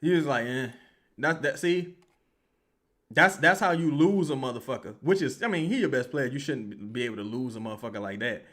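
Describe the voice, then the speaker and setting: A man hosting a live basketball watch-along, reacting to plays with heated, profane commentary that swings from yelling to low muttering and repeats the same complaints. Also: expressive, a little fast.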